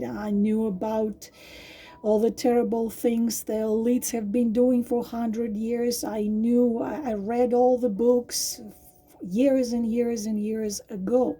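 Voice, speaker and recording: A woman tarot reader with a hoarse, partly lost voice, talking casually and haltingly with many fillers and restarts. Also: fairly high pitch, mellow. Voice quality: husky, breathy. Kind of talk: casual tarot reading monologue.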